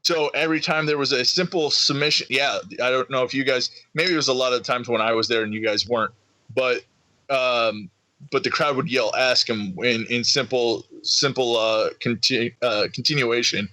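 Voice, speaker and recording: A man co-hosting a casual podcast chat, telling an excited story and acting out the voices of people around him. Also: medium pitch, normal speed, dry recording, low-quality recording. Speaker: podcast co-host.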